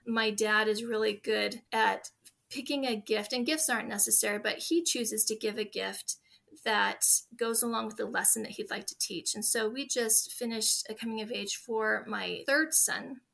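A woman in her forties speaks as an interview guest, sharing stories in an earnest, heartfelt way. Her voice sits a little high with a very bright, clear tone. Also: fairly even intonation, normal speed. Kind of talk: conversational interview.

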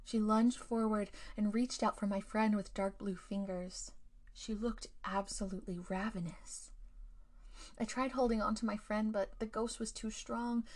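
Hushed woman telling a ghost story. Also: mid-range voice, steady tone, unhurried. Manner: hushed, often near-whispered delivery. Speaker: storytelling podcast host. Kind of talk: scripted ghost-story narration.

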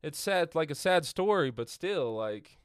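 A man's voice: on the high side, lively intonation, measured pace, clear, resonant tone, no room sound. A man hosting a podcast in casual chat, congested from a head cold, talking loosely with fillers and restarts. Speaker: podcast host.

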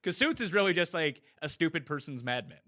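Casting: bright-voiced male co-host, blunt and opinionated, animated casual chat. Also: on the high side, a little fast. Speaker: podcast co-host.

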